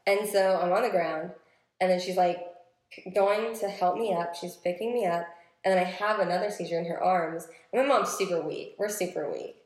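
A woman in her twenties chats casually, padding her stories with filler words. Her voice sits a little low. It is captured on a phone in an echoey room. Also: normal speed, a little mellow. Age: 20s. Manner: chatty storytelling with many "like" fillers. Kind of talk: casual chat. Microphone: phone recording. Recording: roomy phone recording.

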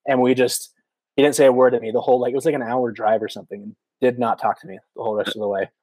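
A man in his thirties tells a story on a podcast, jumping up high in pitch whenever he acts out a scream or a quote. His voice sits mid-range and the sound is dry and close. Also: rapid-fire, dry recording, rough recording. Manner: animated storyteller, many "like" fillers, acts out quotes. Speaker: podcast guest, former missionary. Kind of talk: casual storytelling.

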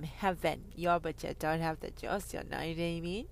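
A woman giving a heated monologue on faith, sarcastic and profane, swinging from loud outbursts to whispers. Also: low-pitched, fairly even intonation, moderate pace, vocal fry, few pauses, dry recording. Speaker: online Christian commentator.

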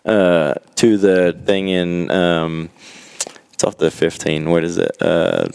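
A man's voice: low voice, lively intonation, slow, gravelly, a little mellow, clear, resonant tone. A man in his forties from Australia, with an Australian accent, talking as a podcast guest in a rambling way full of fillers and restarts. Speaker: guest, motocross racer. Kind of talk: casual podcast conversation.

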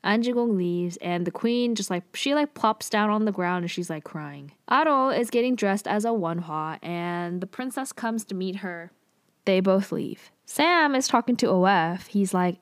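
A young woman talks through a drama episode in a loose, chatty way, peppering it with fillers and side comments. Her voice sits at a middling pitch. It is recorded very dry and close, with no room sound. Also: animated, no echo. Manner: chatty, full of "like" and "um", quick asides. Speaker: drama recapper. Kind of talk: casual spoken recap of a TV drama.

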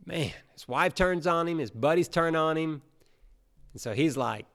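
A man preaching a sermon, retelling a Bible story in a casual, animated way. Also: fairly high pitch, moderate pace. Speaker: pastor.

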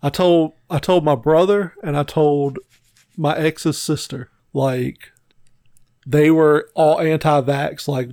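A man's voice: a little high, fairly even intonation, slow, darkish tone, no room sound, studio quality. Blunt, emphatic male podcast co-host. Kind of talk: casual chat.

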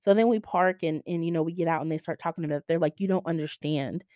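A woman hosting a faith podcast, telling stories in an animated way and acting out other people's voices. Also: on the low side, very fast, clean tone, no room sound. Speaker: podcast host. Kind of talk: faith podcast chat, storytelling. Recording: dull lo-fi sound.

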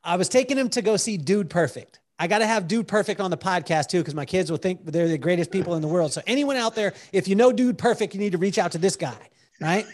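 A man telling animated stories as a podcast guest, acting out what people said and breaking into song, with halting restarts when he explains a point. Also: high-pitched. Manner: lively storyteller who acts out quotes and sings bits. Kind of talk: animated storytelling in conversation.

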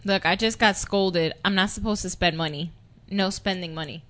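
A woman co-hosting a casual radio chat, answering with quick exclamations and playful asides. Her voice has a bright, forward edge. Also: on the low side. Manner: chatty, reacts with little exclamations. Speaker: co-host.

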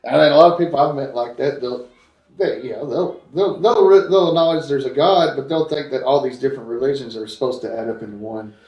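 A man joining a conversational Bible study, agreeable, with halting restarts and repeated words. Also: medium pitch, darkish tone, dull audio. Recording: echoey room, distant from mic.

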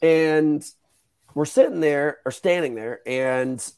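A young man hosting a podcast, telling stories in a casual, animated way, swearing and acting out the voices of the people in them. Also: a little high, slow, clean tone. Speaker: podcast host. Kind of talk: casual storytelling chat.

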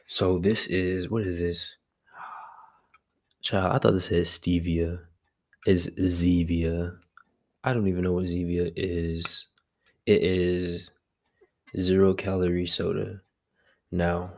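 A young man hosting a casual solo podcast from home, chatty and rambling, talking quietly so as not to be loud. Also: sits low, creaky. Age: young adult. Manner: chatty, rambling, self-amused. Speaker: podcast host.

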